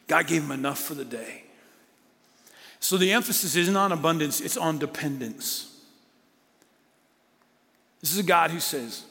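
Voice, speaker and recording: A man preaching a sermon, animated with playful asides, then dropping to hushed emphasis. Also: on the high side. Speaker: pastor. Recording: long hall reverb.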